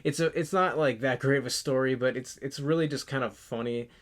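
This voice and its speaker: A man in his twenties chatting casually in a vlog, rambling and halting with lots of fillers and restarts. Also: mid-range voice. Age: 20s. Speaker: channel host. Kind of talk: casual movie collection vlog.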